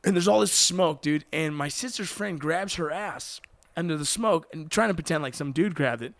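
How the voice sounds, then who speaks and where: A man co-hosting a podcast, telling profane stories in an animated, casual way. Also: on the high side, moderate pace, dry recording. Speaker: podcast co-host. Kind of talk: casual bar-style storytelling.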